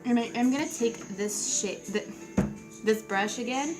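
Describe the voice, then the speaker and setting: A woman's voice: fairly high pitch, normal speed, music in the background, poor audio. A young woman chatting casually through a makeup tutorial, giggly and self-mocking, with offhand asides. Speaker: beauty vlogger.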